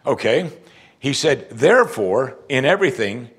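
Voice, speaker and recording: Husky-voiced preacher, lively pitch. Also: male voice, a little slow. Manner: animated preaching, acting out quoted voices. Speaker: pastor. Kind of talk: sermon.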